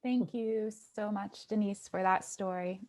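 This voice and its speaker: A woman moderating a live online session, thanking the speaker and introducing the next guest in a measured way. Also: medium pitch, fairly even intonation, a little mellow. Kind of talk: hosting a live online event.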